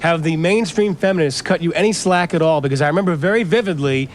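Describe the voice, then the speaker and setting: Radio host guy, kinda high voice, butts in with doubtful questions. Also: fast talker, slight background noise. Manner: cuts in with skeptical questions. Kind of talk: live radio interview.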